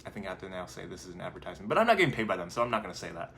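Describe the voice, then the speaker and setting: Male life coach, lower register, conversational and meandering, light noise under the voice. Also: very animated, very fast, gravelly, fairly bright tone. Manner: conversational, rambling, acts out inner thoughts in quotes. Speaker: life coach and channel host. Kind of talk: casual motivational talk to camera.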